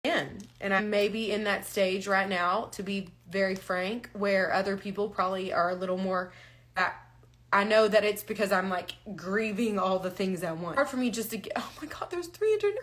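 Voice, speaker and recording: A woman's voice: medium pitch, steady tone, moderate pace, fairly bright tone. A woman talking candidly on a live stream, frank and emotional, holding back tears. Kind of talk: casual live-stream talk. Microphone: phone or webcam on a live stream.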